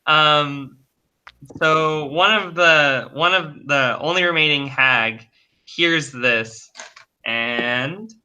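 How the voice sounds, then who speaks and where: A man running a tabletop game online as game master, narrating haltingly with many pauses and restarts. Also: fairly high pitch, sharp tone, clean tone, muffled recording. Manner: halting, full of ums and restarts.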